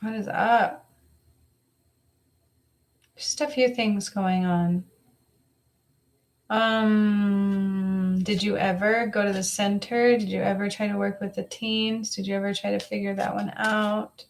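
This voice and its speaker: A woman's voice: medium pitch, steady tone, slow pace, vocal fry, pauses often. A woman giving a live psychic reading to a viewer, talking in a coaxing, repetitive way and circling back over the same phrases. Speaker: psychic reader.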